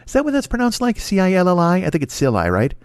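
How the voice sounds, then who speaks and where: A man's voice: high voice, wildly swooping pitch, quick pace, smooth, dry recording. A man in his forties hosting a solo comedy podcast, rambling through profane, self-mocking tangents. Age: 40s. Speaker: podcast host.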